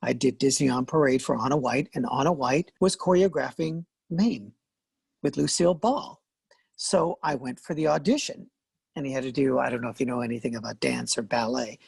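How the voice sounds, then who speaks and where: An older man with a gravelly, husky voice tells lively stories in a relaxed interview. He laughs often and slips into the voices of the people he quotes. The sound is dry and close. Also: mid-range voice, no room sound. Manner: animated, laughing, acts out quoted lines. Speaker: guest, veteran actor and voice artist. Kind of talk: casual interview storytelling.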